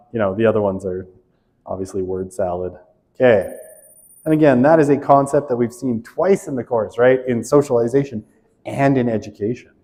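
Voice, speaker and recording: A man's voice: medium pitch, darkish tone, in a large hall. A male instructor running a class quiz review, reading questions aloud and joking with students.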